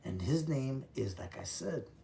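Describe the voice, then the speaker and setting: Man in his fifties, gravelly voice, mid-pitched, blunt profane storyteller, casual tone. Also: lively intonation, measured pace, mellow, a little hiss or hum. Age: 50s. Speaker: former prisoner telling his story.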